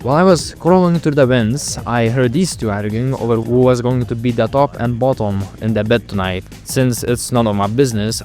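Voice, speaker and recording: A young man doing a sarcastic, profane comedic voice-over of a video game. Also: mid-range voice. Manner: sarcastic, profane, mock-dramatic. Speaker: gaming video creator. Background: game music.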